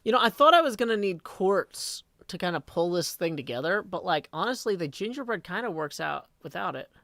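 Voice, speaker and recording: A man's voice: sits high, sing-song, fairly quick, vocal fry, bright, forceful tone, dry recording. Tired man chatting on a live stream. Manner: rambling, self-correcting, thinks aloud. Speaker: Minecraft streamer. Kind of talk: casual live-stream chat.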